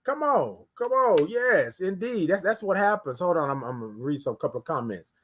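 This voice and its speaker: Male host, casual morning show, storyteller who acts out quotes, slightly higher voice. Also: fairly quick, a bit bright. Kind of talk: casual morning livestream talk.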